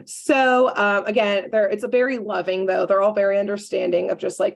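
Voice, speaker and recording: A woman co-hosting a podcast, retelling a cartoon episode in a casual, animated way and acting out the characters' lines with plenty of "like". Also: mid-range voice, fairly quick, gravelly. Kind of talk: casual chat.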